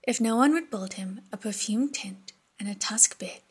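A woman narrating an audiobook chapter in a hushed, breathy reading voice. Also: mid-range voice, normal speed.

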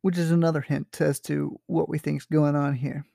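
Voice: medium pitch, flat delivery, moderate pace, creaky, mellow, no room sound, studio quality. A teacher explaining a short story in a casual, hesitant way, with many fillers and checks for understanding. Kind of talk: literature lesson, explaining a story.

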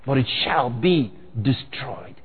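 A male preacher delivering an emphatic sermon, often shouting and acting out scenes, recorded with a tinny, phone-like sound. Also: medium pitch, takes it slowly.

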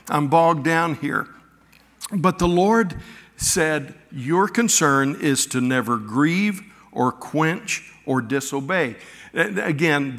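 A middle-aged male pastor preaching a sermon, telling personal stories with halting restarts and acted-out quotes. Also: mid-range voice, a bit bright. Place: church sanctuary. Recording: long reverb of a church hall.

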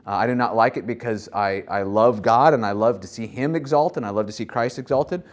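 A man preaching a sermon in a conversational way, pausing on fillers and restarting his phrases as he reads and explains scripture. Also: mid-range voice. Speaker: pastor.

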